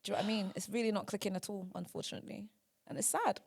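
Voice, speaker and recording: A woman co-hosting a podcast in casual chat, animated and expressive, leaning heavily on "like". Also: medium pitch, racing, gravelly, breathy edge. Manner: animated, expressive, heavy use of "like". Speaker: podcast co-host.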